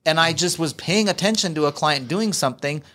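Man, somewhat high pitch, enthusiastic, emphatic, casual podcast chat. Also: a little fast, fairly bright tone. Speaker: podcast co-host.

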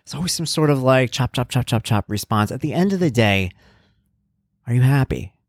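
Chatty dad podcast host, dry close mic. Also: male voice, medium pitch, expressive, moderate pace, no room sound. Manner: rambling, conversational, thinks aloud with fillers. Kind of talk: casual solo podcast monologue.

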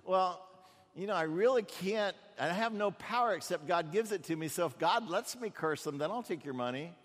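A man's voice: high voice, lively intonation, moderate pace, big-room sound. A man playing a greedy, hesitant male prophet who hedges and pleads. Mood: hedging. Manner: hedging, pleading.

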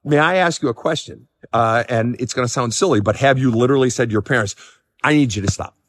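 A man's voice: medium pitch, fast, dry recording, studio quality, long reverb tail. Blunt, swearing middle-aged male counselor outdoors. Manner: blunt, swears freely, emphatic; jumping up and down from cold and excitement. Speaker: counselor answering listener questions. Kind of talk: casual advice talk. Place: outdoors in the cold.

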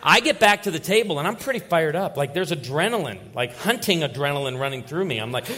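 A man preaching a sermon in church, telling stories with lively acted-out voices. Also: fairly high pitch, quick pace, hardly any pauses. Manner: animated storytelling with acted-out voices. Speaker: pastor.

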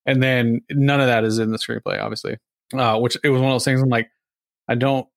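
Fast-talking man recapping a movie. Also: mid-range voice, fairly even intonation, vocal fry, no room sound, clean studio sound. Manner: rambling, acts out lines from scenes. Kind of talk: casual chat recapping a movie.

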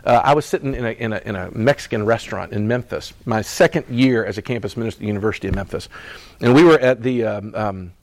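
A man's voice: lowish voice, fast talker, a little mellow. A man preaching a sermon in a conversational style, acting out quoted voices and laughing as he goes. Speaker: pastor.

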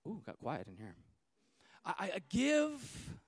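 A man with a very high voice preaches a sermon in church. He builds to loud, repeated declarations, then drops into casual asides to his congregation. The sound is close and dry. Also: huge pitch swings, moderate pace, no echo. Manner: rises to loud emphatic repetition.

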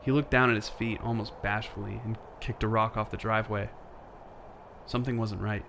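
An actor playing a tired, frightened young father who narrates a horror story in first person, tense and hushed. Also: lowish voice, steady tone, normal speed, creaky, background noise. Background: music.

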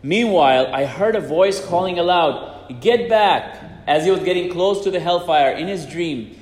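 A man's voice: on the high side, moderate pace, slight background noise. A man preaching and retelling a religious story in an earnest way, often repeating himself as he goes. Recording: echoey hall with long reverb.

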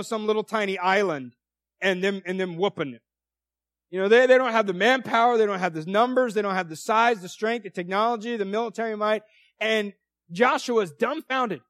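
A man's voice: sits high, dry recording, clean studio sound. A middle-aged man preaching a sermon in a loose, conversational way, with frequent restarts and asides. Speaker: pastor.

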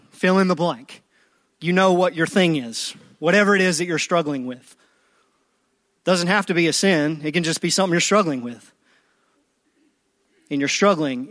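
A man preaching a sermon who swings from hushed asides to loud, pleading passages and acts out people's prayers. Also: fairly high pitch, no echo, studio quality. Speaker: pastor.

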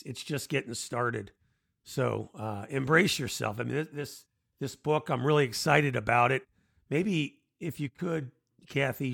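A man hosting an interview, asking his guest questions in a halting way and often repeating words as he frames them. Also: mid-range voice, gravelly, fairly bright tone, dry recording, studio quality. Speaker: podcast host.

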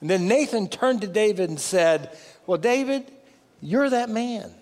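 A man preaching a sermon as a pastor, emphatic, swinging from loud peaks down to low, soft passages. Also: animated, unhurried, long reverb tail.

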